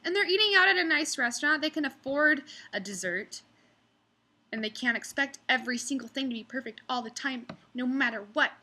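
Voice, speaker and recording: A woman's voice: sits high, expressive, brisk, bright, forceful tone. A young woman who works as a restaurant server, ranting casually about customers and mimicking them in exaggerated voices. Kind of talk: casual storytelling vlog.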